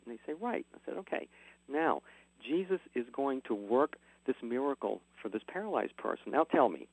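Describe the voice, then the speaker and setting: A man, a catechism teacher telling classroom stories as a radio guest, quick and animated. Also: mid-range voice, dry recording, low-quality recording. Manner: fast, animated retelling, jumping into dialogue. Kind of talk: radio interview guest, storytelling.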